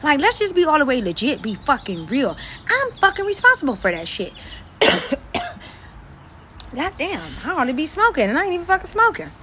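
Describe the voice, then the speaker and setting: A woman vlogger delivering an angry, profane rant to camera, repeating phrases and swinging between loud outbursts and quieter asides. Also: high voice, huge pitch swings, fairly quick, long pauses, background noise.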